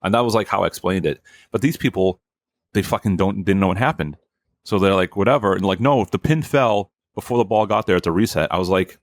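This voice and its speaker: Slightly fast and on the low side, a man hosts a podcast in clean studio sound without room echo. He tells a casual story in a heated, foul-mouthed way, playing out people's quotes.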